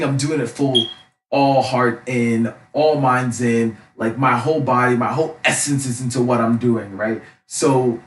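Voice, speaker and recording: A young man who coaches, talking loudly and passionately in a casual monologue, often tagging his sentences with a question. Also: medium pitch, slight background noise. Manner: loud and passionate; frequent tag questions. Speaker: life coach. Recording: roomy, mic at a distance.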